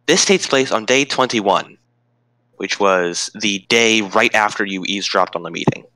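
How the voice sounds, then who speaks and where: Low-voiced man running a tabletop game. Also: normal speed, bright, forceful tone, rough recording. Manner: casual, explains plainly with fillers. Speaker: game master.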